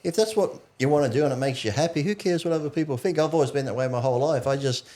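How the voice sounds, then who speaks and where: Fast-talking man swearing through stories. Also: on the high side, mellow. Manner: swears freely, acts out quotes while storytelling. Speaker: podcast guest. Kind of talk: casual chat.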